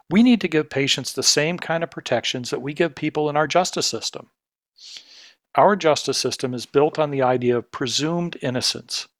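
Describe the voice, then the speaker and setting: Man, middle-aged, scripted podcast commentary, earnest, indignant, mid pitch, dry close mic. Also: no echo. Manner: earnest and indignant, building to pointed outrage. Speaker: podcast host, healthcare consultancy CEO.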